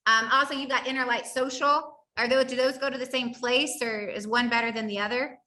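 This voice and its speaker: A woman's voice: on the high side, fairly even intonation, a little fast, bright, forceful tone, roomy sound. A woman with a Southern accent hosting a podcast interview, effusive and casual, often saying "y'all". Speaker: podcast host.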